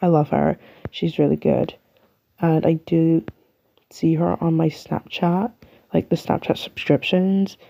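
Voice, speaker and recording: A woman's voice: low-pitched, steady tone, measured pace, gravelly, warm tone, lo-fi sound. A young woman from the UK with an English accent, chatting and rambling through her solo podcast in a self-mocking way. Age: young adult. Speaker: podcast host. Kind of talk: casual solo podcast chat.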